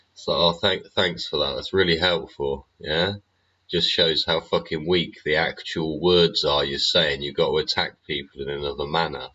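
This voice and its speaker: A man's voice: extremely low pitch, pushed and bright, husky. A middle-aged man hosting a livestream, rambling and swearing through a profane monologue full of tag questions. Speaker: livestream host. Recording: muffled lo-fi stream audio.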